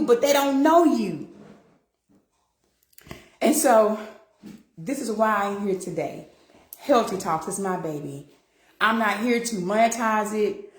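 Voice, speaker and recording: A woman's voice: fairly high pitch, roomy sound. A woman, hosting her own show and talking earnestly and encouragingly to viewers, calling them y'all. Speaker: show host. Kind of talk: heartfelt direct-to-camera talk.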